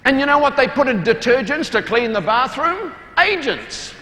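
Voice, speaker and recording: A man with a New Zealand accent giving a humorous talk to a large hall audience, animated and playful, with loud acted-out quotes. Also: very high-pitched, normal speed. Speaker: motivational speaker. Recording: reverberant hall, faint room noise.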